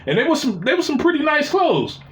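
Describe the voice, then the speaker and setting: A man's voice: very high voice, very animated, brisk. Profane, rambling male storyteller, echoey room. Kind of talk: casual personal storytelling.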